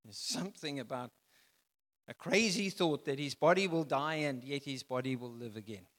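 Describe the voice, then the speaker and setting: Emphatic bright-voiced male preacher. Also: mid-range voice, moderate pace, big-room sound. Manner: emphatic preaching, rising loud then dropping soft. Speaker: pastor. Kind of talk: sermon.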